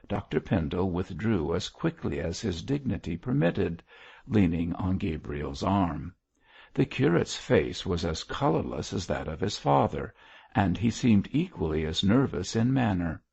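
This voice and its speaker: A man narrating an audiobook in a measured storytelling manner. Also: sits low, vocal fry, a little mellow, husky, dull audio. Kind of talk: scripted narration.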